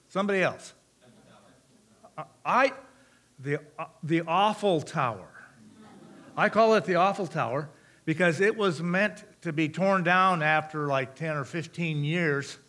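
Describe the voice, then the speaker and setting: A man's voice: on the high side, fairly bright tone. A middle-aged American man giving a missions talk to a congregation in a conversational way, asking the audience questions and repeating their answers back. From United States. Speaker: missionary speaker.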